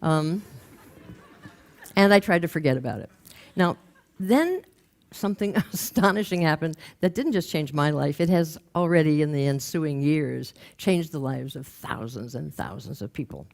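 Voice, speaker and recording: An older woman from Los Angeles telling a humorous story in a stage talk, lively and quoting people as she goes. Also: low-pitched, moderate pace, gravelly. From Los Angeles, USA. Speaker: speaker. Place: stage before a live audience.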